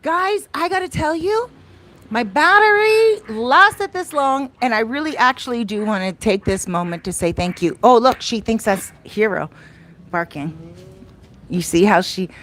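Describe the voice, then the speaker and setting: A woman with a somewhat high voice chats on a casual livestream, effusive and affectionate with her viewers. She reads their comments aloud and talks to them directly. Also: animated, a little slow, fairly bright tone. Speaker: livestream host and life coach. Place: outdoors in the Dominican Republic.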